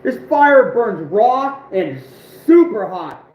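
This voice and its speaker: A man in his twenties hosting an outdoors livestream, telling stories with a voice that is going hoarse, animated and emphatic, repeating phrases for punch. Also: high-pitched, takes it slowly, echoey room, highs cut off. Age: 20s. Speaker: outdoors channel host. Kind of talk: livestream storytelling.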